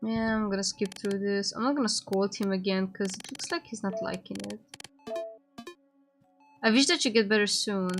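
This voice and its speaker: A woman's voice: medium pitch, steady tone, moderate pace, soft background music. A woman streamer playing a game, reading its text aloud and reacting as she goes. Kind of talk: casual game commentary.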